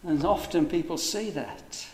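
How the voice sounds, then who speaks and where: A man preaching from the pulpit, his voice a little higher than most men's. He presses his points with rhetorical questions and slows right down on the words he wants to land. The sound rings around a roomy church with a long reverb tail. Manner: emphatic, rhetorical questions, varies pace for stress. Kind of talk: sermon.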